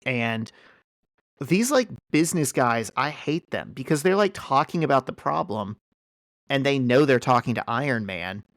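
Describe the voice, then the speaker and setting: A man's voice: medium pitch, expressive, moderate pace, a bit bright, dry recording, studio quality. A man hosting a podcast, casually and animatedly retelling a story in a chat, full of fillers. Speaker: podcast host. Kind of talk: casual chat recapping a comic.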